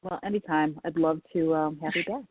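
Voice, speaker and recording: A woman's voice: sits low, steady tone, brisk, crowd noise. A woman hosting a podcast, chatting casually with a guest, laughing often and using lots of fillers. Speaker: podcast host and psychic reader. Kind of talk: casual interview chat. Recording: tinny phone-like sound.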